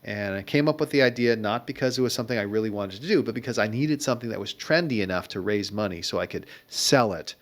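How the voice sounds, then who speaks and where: Speaking quickly and with few pauses, a middle-aged man with a lowish voice recounts his career as a guest entrepreneur. His interview stories are told conversationally, with a wry, reflective edge.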